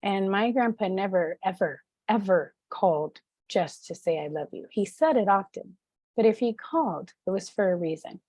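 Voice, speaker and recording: A woman advocate giving an earnest personal testimony, telling her story haltingly with many pauses and fillers. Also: medium pitch, expressive, a little mellow, dry recording. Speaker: suicide prevention advocate and speaker.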